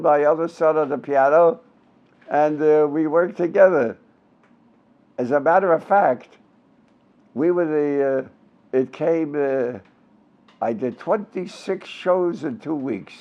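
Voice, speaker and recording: Heard through dull audio, this guest is a ninety-something American man, a veteran of Yiddish theater, whose high-leaning voice carries a Brooklyn and Yiddish flavor. He tells stories in an interview, rambling and animated, with frequent fillers and restarts.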